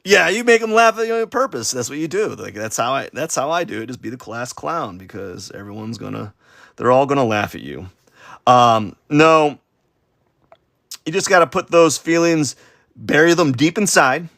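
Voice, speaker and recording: Gravelly guy rambling on a drawing livestream, dry close sound, keeps trashing his own art. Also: medium pitch, moderate pace, a bit bright, dry recording. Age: adult. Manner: rambling, self-deprecating, stuttering. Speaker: streaming artist. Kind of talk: casual livestream chat while drawing.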